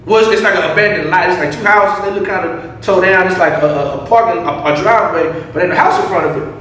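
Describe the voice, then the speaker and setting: A man, telling a story as a guest rapper in an animated, casual way and acting out what others said. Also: sits high, fast talker. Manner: animated, swears freely, acts out other people's lines. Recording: echoey room, distant mic, faint noise.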